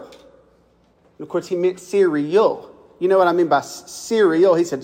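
A young man from Mississippi preaches with a Southern accent, his voice sitting high for a man. He tells homespun stories and keeps turning to the congregation with questions. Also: normal speed, a little mellow. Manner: folksy, asks the congregation questions. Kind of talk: folksy storytelling sermon.

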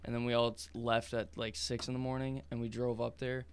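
A man's voice: mid-range voice, little pitch movement, fairly quick, clear, resonant tone. A young man co-hosting a podcast, telling a story casually with lots of fillers and frequent laughs. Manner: laughs often, tells stories with many fillers. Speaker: podcast co-host. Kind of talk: casual chat.

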